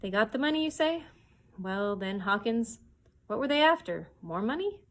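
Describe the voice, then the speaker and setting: A woman doing a brisk, kindly officer. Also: fairly high pitch, sing-song, fairly bright tone. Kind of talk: read-aloud storytelling.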